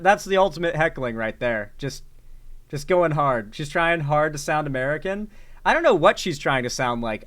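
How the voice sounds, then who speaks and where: A man with a somewhat high voice, commenting on clips in a casual, sarcastic ramble. He trips over his words and leans on fillers as he goes. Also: fairly bright tone. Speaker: commentary host.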